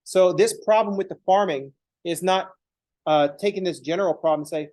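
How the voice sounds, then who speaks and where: A man's voice: sits high, brisk, a little mellow, rough recording. A man teaching math in a casual recorded lecture, joking and swearing freely.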